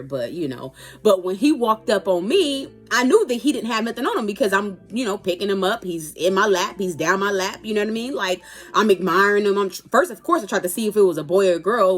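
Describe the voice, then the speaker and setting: A woman spins a casual storytime tale in a lively, dramatic manner, full of playful asides. Her voice sits at an ordinary middle pitch for a woman. Soft music plays quietly behind her. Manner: animated, dramatic retelling with playful asides and laughs. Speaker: storytime vlogger.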